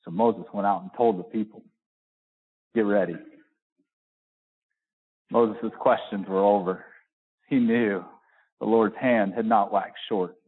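A man preaching a sermon and reading scripture, folksy and full of restarts, rising to high emphatic peaks and slowing down hard to stress key words. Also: fairly even intonation, slightly rough. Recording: narrow phone-like sound.

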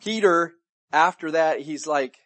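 A man preaching a sermon to his church, retelling the story in a lively way and acting out the people he quotes. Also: fairly high pitch, a little slow, dry recording. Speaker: pastor. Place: church service room.

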